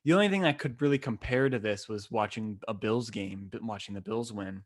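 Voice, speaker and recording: Excitable young man. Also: fairly low pitch, fairly quick. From Western New York. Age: 20s. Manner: animated, rambling, slangy and excitable. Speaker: podcast host. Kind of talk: casual solo podcast storytelling. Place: temporary room, not his usual setup.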